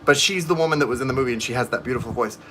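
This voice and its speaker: Guy doing tarot on a livestream, bright voice, rambly and chatty, faint hiss behind. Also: mid-range voice, racing. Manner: chatty, rambling, talks to viewers in the chat. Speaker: tarot reader. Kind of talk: live-stream tarot reading chat.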